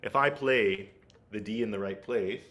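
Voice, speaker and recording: A man's voice: on the low side, unhurried, very noisy. A man giving an online flute masterclass, explaining technique and checking in with his listeners as he goes. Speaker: flute teacher.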